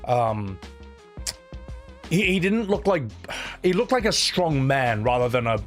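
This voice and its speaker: A man's voice: medium pitch, big pitch swings, a little slow, faint music behind. Blunt, profane male streamer. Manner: blunt, profane and opinionated, rambling with restarts. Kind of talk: casual live-stream chat.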